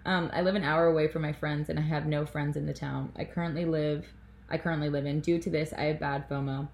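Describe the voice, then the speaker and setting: A woman's voice: sits low, steady tone, a little fast, vocal fry, darkish tone. A young woman from Toronto hosting a podcast in casual chat, out of breath and rambling with lots of fillers and apologies. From Canada, Toronto. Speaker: podcast host. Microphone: laptop built-in mic.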